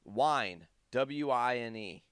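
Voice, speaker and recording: Guy on a podcast telling a story, smooth clear voice, dry close sound, acts out the voices. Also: medium pitch, slow pace, dry recording. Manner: animated storyteller who acts out quoted voices. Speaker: podcast co-host. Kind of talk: casual storytelling chat.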